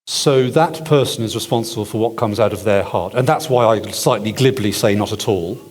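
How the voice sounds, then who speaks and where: A man with a lowish voice answers audience questions briskly at a church conference Q&A. He thinks out loud, restarting sentences and dropping wry asides, his words echoing through a large hall full of people.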